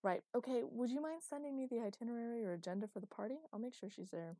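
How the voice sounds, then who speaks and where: A woman voicing a wry, gently teasing young man in an audiobook, with a mellow voice. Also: fairly high pitch, fast talker, no room sound, voice pushed up, natural voice. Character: dry, teasing young man, patient partner.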